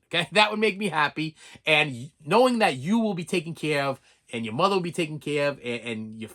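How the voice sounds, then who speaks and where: A man's voice: fairly high pitch, sharp tone. A middle-aged man ranting heatedly on his vlog, rambling and stammering through restarts. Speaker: collector vlogger. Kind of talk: emotional unscripted rant.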